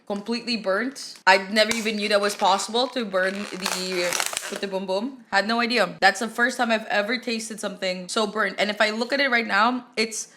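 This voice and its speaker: A woman's voice: mid-range voice, steady tone, moderate pace, sharp tone, a little hiss or hum. A young woman from the Philippines chatting casually as a streamer while reacting to a video, rambling and swearing with lots of restarts.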